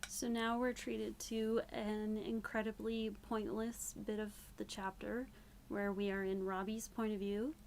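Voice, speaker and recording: Sarcastic woman with a gravelly fry. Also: mid-range voice, flat delivery, a little slow, a little mellow, slight background noise. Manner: sarcastic, rambling recap with fillers. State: tipsy. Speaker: book reviewer. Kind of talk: casual spoken book review.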